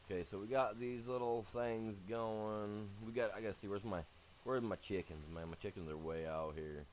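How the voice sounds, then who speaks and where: A man's voice: lowish voice, moderate pace, slight background noise. A man streaming a farming game, chatting casually with viewers in a rambling way, full of "you know" asides. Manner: rambling, talks to chat, lots of "you know". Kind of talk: casual gaming livestream chat.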